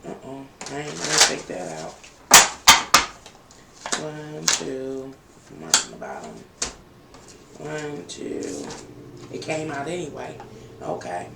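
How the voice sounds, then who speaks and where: A tarot reader with a medium-pitched voice and vocal fry gives viewers a casual, emotional reading, emphatic and rambling with many fillers. The room is echoey, the voice sits far from the mic, and there's faint noise.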